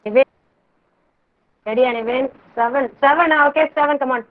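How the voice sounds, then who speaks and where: A kindergarten teacher, running an online class and patiently repeating words for the children to echo. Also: female voice, high voice, brisk, narrow, tinny audio. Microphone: video call.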